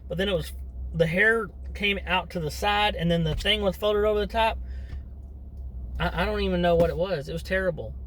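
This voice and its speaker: A man's voice: high voice, pushed and bright, low-quality recording. A middle-aged man chatting to camera as a vlogger in a rambling, wandering way, breaking off into asides. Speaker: vlogger and father. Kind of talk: casual rambling monologue to camera.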